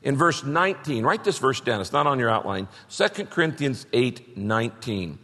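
A man's voice: mid-range voice, sing-song, moderate pace, sharp tone. A man preaching a sermon as a pastor, emphatic, with bursts of rising energy. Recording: long reverb of a large hall.

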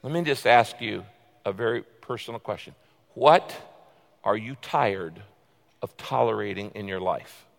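A man preaching a sermon, swinging from loud, pleading quotes down to hushed, confiding asides. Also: on the low side, expressive, a little slow, gravelly. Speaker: pastor. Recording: long reverb of a large hall.

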